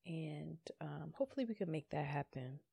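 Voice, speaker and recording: Loud, tipsy woman podcast host. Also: low-pitched, normal speed, gravelly, husky, no echo. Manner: loud, animated, tipsy and playful. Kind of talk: casual chat.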